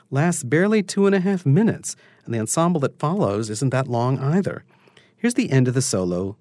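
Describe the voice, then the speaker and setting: A man narrating a scripted opera lecture, explaining in a measured, articulate way. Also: mid-range voice, a little mellow, no room sound, clean studio sound.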